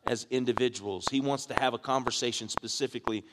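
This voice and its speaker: A man's voice: mid-range voice, fairly even intonation, fast talker. A man, a pastor, preaching a sermon and asking the congregation questions as his delivery builds in force. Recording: echoey hall with background noise.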